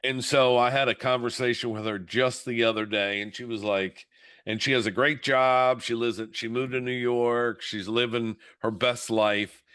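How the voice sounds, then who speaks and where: A man's voice: mid-range voice, moderate pace, smooth. A middle-aged man co-hosting a podcast, chatting casually and acting out the people he quotes. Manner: animated storyteller, acts out the quotes. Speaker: podcast co-host. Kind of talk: casual chat.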